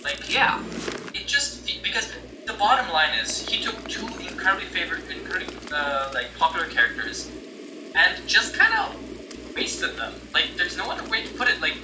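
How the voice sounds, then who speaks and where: A man's voice: high-pitched, wildly swooping pitch, moderate pace, background noise. A man chatting casually as a podcast host, ranting with exasperated energy and breaking into laughs. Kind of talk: casual chat. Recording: echoey room, distant mic, music behind.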